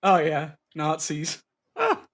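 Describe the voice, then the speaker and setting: A man's voice: a little high, huge pitch swings, slow, gravelly, fairly bright tone. A man joking and laughing through a casual watch-party film commentary. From Britain. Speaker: co-host.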